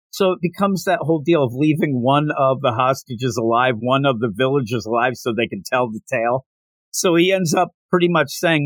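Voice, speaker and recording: Man, podcast host, animated, lively pitch, fairly high voice, dry close mic. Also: a little fast, no room sound. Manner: animated, acts out characters' lines and sound effects. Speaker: podcast host recapping manga. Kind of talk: casual recap with quick voiced quotes.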